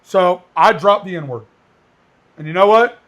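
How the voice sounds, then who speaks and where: Brief: high-pitched male podcast co-host, blunt and animated, firearms instructor. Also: unhurried. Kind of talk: casual podcast chat.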